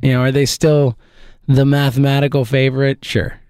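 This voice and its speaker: A man's voice: medium pitch, flat delivery, normal speed, a little mellow, clear, resonant tone, dry recording, clean studio sound. A man, ranting in frustration about his baseball team, rambling and laughing bitterly. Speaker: sports fan commentator. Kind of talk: ranting sports commentary.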